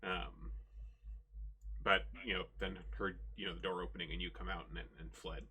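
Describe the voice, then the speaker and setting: Deep-voiced, rambling male game master. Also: level tone, moderate pace, bright, forceful tone, a little hiss or hum. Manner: rambling, full of "you know" and "like". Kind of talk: narrating a tabletop game.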